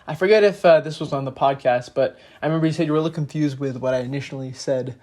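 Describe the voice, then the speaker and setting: A young man with a slight lisp hosts a casual podcast. He explains ideas in an earnest, measured way and fills his pauses with ums and uhs. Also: medium pitch, a little mellow. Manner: earnest, explanatory, with frequent fillers. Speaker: podcast host.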